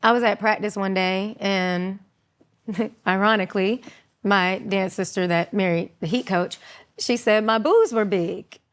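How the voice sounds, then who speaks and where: A woman in her thirties telling her own story as an interview guest, animated, acting out quotes in raised voices. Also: mid-range voice, measured pace.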